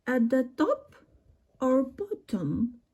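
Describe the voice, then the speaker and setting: A woman voicing a kind girl doll who hosts a guest in her camper, talking gently and reassuringly. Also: sits high, very animated, very slow, breathy edge, exaggerated voice.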